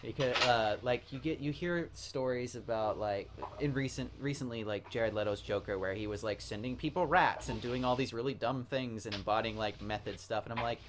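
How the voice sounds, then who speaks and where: A man hosts a casual podcast conversation in an even mid-range voice. He talks with an eager fan's enthusiasm and jumps readily between stories. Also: mid-range voice, fairly quick, hardly any pauses, background noise. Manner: enthusiastic, chatty fan talk. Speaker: podcast host.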